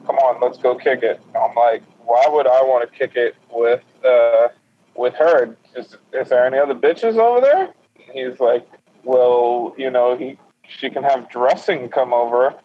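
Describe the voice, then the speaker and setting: A young man tells a long, crude story to his friends, swearing freely and laughing as he acts out each person's lines. The recording sounds muffled and lo-fi. A steady, heavy hiss of noise runs under his voice. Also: medium pitch, unhurried. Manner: profane, laughing, acts out quotes. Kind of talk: casual storytelling among friends. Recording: lo-fi with loud noise.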